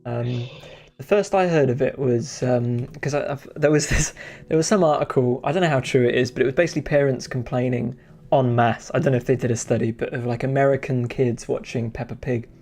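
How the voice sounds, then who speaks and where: A man's voice: medium pitch, fairly quick, gravelly, a little mellow. A man chatting casually on a game dev live stream, rambling and hesitant with many fillers and chuckles.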